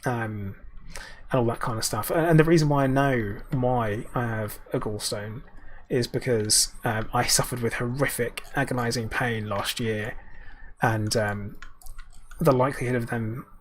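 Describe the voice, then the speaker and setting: A man's voice: medium pitch, fairly even intonation, unhurried, a little hiss or hum. A man live-streaming a game, chatting casually in a rambling way and answering viewers' chat messages.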